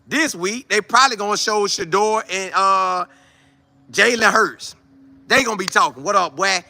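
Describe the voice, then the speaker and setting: A man hosting a casual sports talk show, animated and slangy, acting out players' chatter. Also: sits high, moderate pace.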